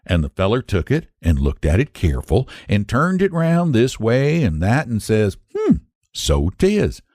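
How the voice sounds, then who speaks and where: A man's voice: on the low side, big pitch swings, moderate pace, darkish tone, no echo, studio quality. A man reading a classic short story aloud as host, telling it in a folksy rural dialect. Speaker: story reader.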